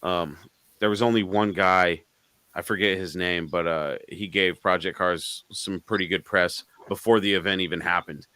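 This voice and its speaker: A man's voice: low voice, fairly even intonation, moderate pace, sharp tone, smooth, no echo. A man co-hosting a live car show, telling a story in casual chat, swearing freely and laughing between lines.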